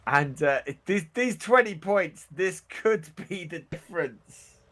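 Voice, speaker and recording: A man calls a live esports match with a fairly high voice that swoops around a lot. He takes his time over his words and laughs often between lines. The talk is live, loose play-by-play. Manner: animated, laughs often, drawn-out phrasing. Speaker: esports commentator.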